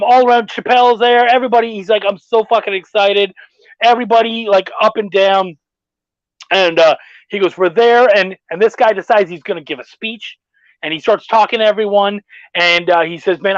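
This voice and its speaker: Profane, animated middle-aged man. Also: sits high, normal speed, no room sound. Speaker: podcast host. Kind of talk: casual chat. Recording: dull dry lo-fi sound.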